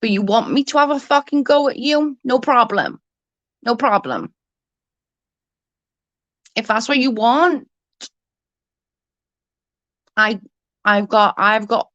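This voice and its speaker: A woman's voice: a little high, measured pace, long pauses, fairly bright tone, no room sound, lo-fi sound. A young adult woman ranting heatedly in casual chat, swearing often and restarting her sentences. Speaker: livestream guest.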